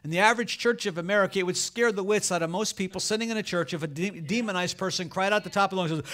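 High-voiced man preaching a sermon. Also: fast, few pauses, fairly bright tone. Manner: preaching with rising fervor, acting out quoted voices. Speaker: pastor.

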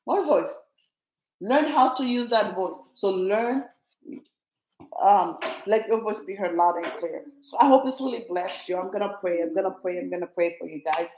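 A woman's voice: mid-range voice, animated, moderate pace, darkish tone, roomy sound, low-quality recording. A woman preaching to viewers, emphatic and repetitive as she exhorts them and prays over them. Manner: emphatic and repetitive, rallying listeners.

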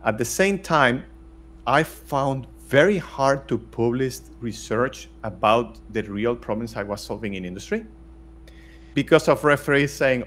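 A man's voice: medium pitch, lively intonation, measured pace, fairly bright tone. A middle-aged man from Spain, talking bluntly as an interview guest with many restarts. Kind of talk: casual interview talk.

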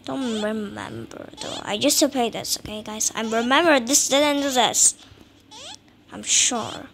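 A woman giving casual commentary while playing a game, excitable and self-mocking, with frustrated outbursts. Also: fairly high pitch, a little slow, a little hiss or hum. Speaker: gaming channel host.

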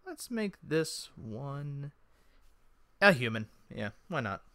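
A man narrating a tabletop game as game master, slow and unhurried, his pitch moving up and down freely. His voice is bright and ringing, recorded dry and close. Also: very animated, no echo. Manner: unhurried, thinking aloud.

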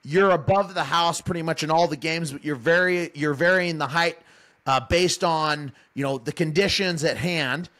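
A man's voice: fairly high pitch, moderate pace, a bit bright. A man hosting a podcast who teases his guests and asks long, rambling questions. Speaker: podcast host. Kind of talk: casual podcast chat.

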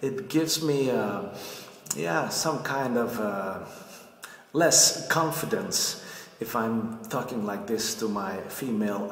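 A man giving a casual acting tip, unhurried, with many fillers and pauses. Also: lowish voice, a bit bright. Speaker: acting coach. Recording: echoey room with long reverb.

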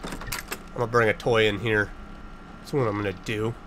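A man hosting a casual let's-play, joking sarcastically and blurting loud startled reactions. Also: on the low side, little pitch movement, moderate pace, slight background noise. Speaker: gaming channel host.

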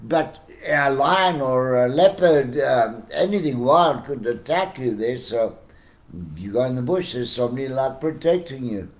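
An older man with a South African accent, telling anecdotes as a podcast guest with lively, chuckling delivery. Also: mid-range voice, a little slow. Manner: animated, chuckling storyteller who acts out quotes. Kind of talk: casual storytelling.

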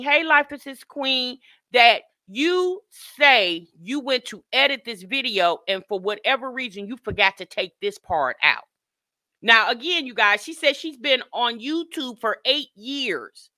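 A woman's voice: a little high, bright, forceful tone, no echo. Outspoken woman hosting a live stream. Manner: chatty and outspoken, greets live chatters by name; frank, lightly profane. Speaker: host of a live reaction stream. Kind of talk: casual live commentary.

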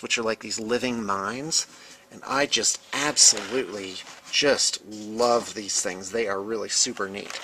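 Male studio host for a hobby vlog: chatty, excitable, bright voice, average pitch. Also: a little hiss or hum. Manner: excitable and rambling, chuckles often. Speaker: host of a miniature painting studio channel. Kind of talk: casual show-and-tell vlog. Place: indoor painting studio.

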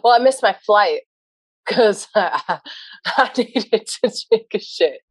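A woman guest on a podcast in casual chat, lively, laughing often and swearing casually, recorded inside a truck. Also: mid-range voice, slow, husky, dry recording.

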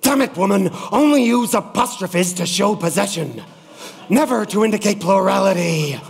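A man's voice: high voice, animated, moderate pace, creaky. A man voicing a stern, pedantic male grammar cop in a live comic puppet show, scolding people for their mistakes. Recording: reverberant lecture hall.

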